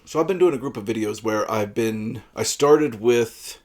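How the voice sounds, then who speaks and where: A man's voice: fairly low pitch, normal speed. A man giving a casual, rambling book talk with frequent fillers. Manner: relaxed, rambling with frequent uhs. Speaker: book reviewer.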